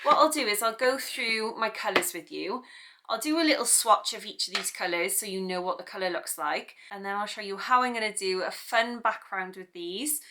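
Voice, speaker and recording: A chatty British woman hosts an art tutorial in a casual, rambling way, often laughing at herself as she goes. Her voice is bright and forward. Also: medium pitch, normal speed. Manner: chatty, self-deprecating, rambling asides. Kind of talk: casual chat to camera.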